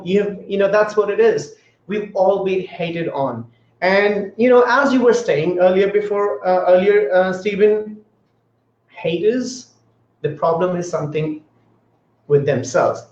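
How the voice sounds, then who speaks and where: Earnest guy on a live stream, kinda high voice, roomy echo, muffled sound, keeps greeting viewers. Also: a little mellow. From grew up in another country. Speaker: livestream host. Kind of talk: motivational livestream talk. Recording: echoey room, dull lo-fi sound.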